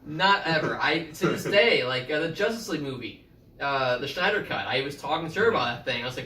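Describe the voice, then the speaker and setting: Bright-voiced young man telling stories. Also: on the high side, brisk. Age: 20s. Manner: animated storytelling with swearing. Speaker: podcast co-host. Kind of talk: casual chat. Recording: echoey room, far from the mic, faint noise.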